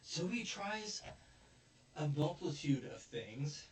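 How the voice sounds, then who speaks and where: A man's voice: a little high, very animated, takes it slowly. A man hosting a casual review chat, animatedly retelling scenes and acting out characters' lines. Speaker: podcast host. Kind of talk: casual chat recapping an anime. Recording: echoey room, distant mic, faint noise.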